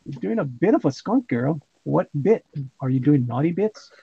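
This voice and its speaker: A man's voice: a little high, sing-song, moderate pace, vocal fry, husky, no echo, dull audio. Joking man reading a livestream chat. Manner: jokey, laughs often. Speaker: livestream host.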